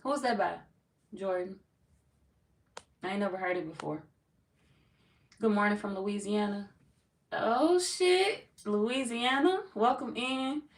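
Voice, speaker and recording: A tarot reader on a livestream talks slowly with long pauses in a mid-range voice captured from a distance. She chats casually with viewers, greeting them, reading their comments aloud, and laughing often.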